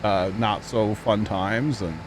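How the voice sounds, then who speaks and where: Easygoing low-voiced male streamer. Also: fairly even intonation, slow pace, a little hiss or hum. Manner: rambling and easygoing, talks straight to chat. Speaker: livestreamer. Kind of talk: casual chat to a livestream audience.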